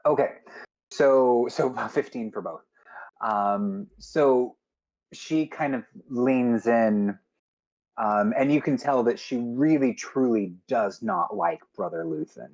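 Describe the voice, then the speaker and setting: A man running a tabletop game as game master, relaxed and repeating words as he narrates, on dull lo-fi audio. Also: medium pitch, slow pace.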